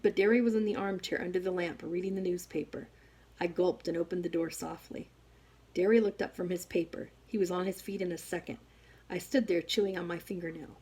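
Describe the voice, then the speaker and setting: Husky woman reading an audiobook. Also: fairly low pitch, brisk. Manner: expressive storytelling. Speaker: audiobook reader. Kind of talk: first-person audiobook narration.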